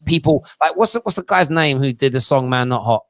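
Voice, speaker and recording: A man hosting a lively football fan panel, full of quick teasing banter. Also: medium pitch, no echo. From England. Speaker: host of a football fan show.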